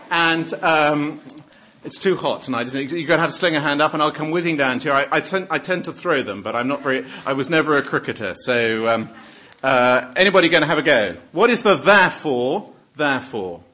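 A man preaching a sermon, his voice a little husky and pitched slightly high. He jokes with the congregation and asks them questions, often breaking off mid-sentence to start again. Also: fairly quick. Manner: lively, joking, breaks off and restarts.

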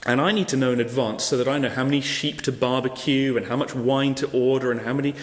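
In an echoey hall, a man with a medium-pitched voice preaches a sermon at a fast pace. He tells a parable as an animated storyteller, acting out the characters and the quoted guests.

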